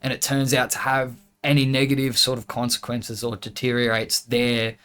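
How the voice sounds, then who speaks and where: A man's voice: medium pitch, completely flat delivery, moderate pace, a bit bright, smooth. A young man talking casually as a podcast guest, rambling with frequent swearing and restarts. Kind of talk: casual chat.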